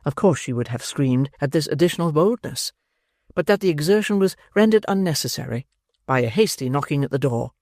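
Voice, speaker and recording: An audiobook narrator reading a classic novel in a measured, expressive storytelling manner. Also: medium pitch, dry recording. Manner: measured, expressive storytelling with dry wry emphasis.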